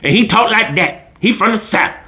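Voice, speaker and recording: A man's voice: sits high, expressive, normal speed, bright, forceful tone. A man hosting his own finance channel, giving a blunt, slangy, preachy casual monologue.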